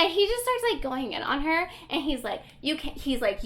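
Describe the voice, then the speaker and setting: A woman's voice: high voice, normal speed, poor audio. A young woman casually recapping a book on a podcast, animatedly acting out the characters' lines. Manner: animated storytelling, acts out quotes. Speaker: podcast co-host.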